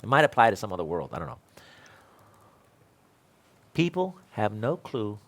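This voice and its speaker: A man's voice: lowish voice, very animated, moderate pace, gravelly, pauses often, fairly bright tone. A man in his sixties, an electrical code instructor, talking casually with fellow instructors in a rambling, self-deprecating way and laughing often.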